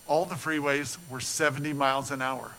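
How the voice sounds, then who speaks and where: Poor audio carries a storytelling sermon from an older pastor at a moderate pace. He's earnest throughout, swelling with animation and then falling back to a soft, low voice.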